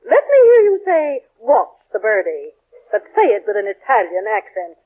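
A woman's voice: huge pitch swings, moderate pace. An actress playing a flustered, indignant middle-aged mother in a 1940s radio sitcom, theatrical and exclaiming. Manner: theatrical, exclaiming, sweeping pitch. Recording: tinny old radio broadcast.

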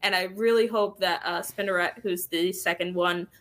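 A woman co-hosting a casual podcast, talking with an enthusiastic fan's excitement. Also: lowish voice, moderate pace. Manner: enthusiastic fan talk. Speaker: podcast co-host.

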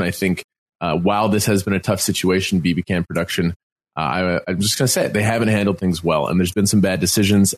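A man co-hosting a podcast from home, talking in an earnest, reassuring way and repeating himself for emphasis. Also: low voice. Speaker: podcast co-host. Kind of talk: casual podcast chat. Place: at home, self-isolating.

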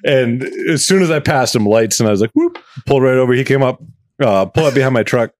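A man's voice: mid-range voice, quick pace, darkish tone, no echo. A man telling a story in casual podcast chat, swearing freely and acting out the voices in it. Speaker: podcast co-host.

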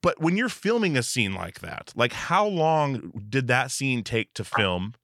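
An American man hosting a podcast, his voice bright and forceful at a middle pitch. He asks eager, tumbling questions and restarts mid-thought. The sound is dry and close. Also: very animated, a little slow, dry recording. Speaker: podcast host. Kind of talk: casual podcast interview.

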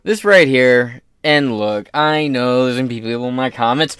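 A man's voice: mid-range voice, moderate pace, a bit bright, clean tone, no room sound. A man hosting his own podcast, giving casual political commentary in a profane, joking, rambling way. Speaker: podcast host.

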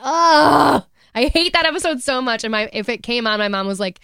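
A woman's voice: fairly high pitch, animated, quick pace, pushed and bright, clean tone, no room sound, studio quality. A woman in casual podcast chat, frank and opinionated about what she dislikes. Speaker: podcast panelist.

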